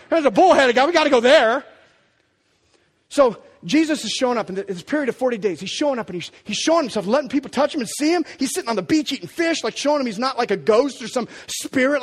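A middle-aged man preaching a sermon, his voice sitting high and swinging widely as he goes. He talks casually and acts out the people in his stories. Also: big-room sound. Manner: animated, acts out quotes of Bible figures. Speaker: pastor.

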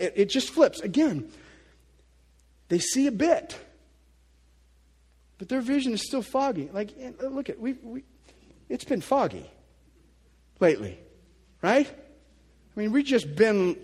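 Husky high-voiced man preaching a sermon. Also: very animated, unhurried, pauses often. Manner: dynamic preaching, swings from quiet to loud, acts out quotes. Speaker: pastor.

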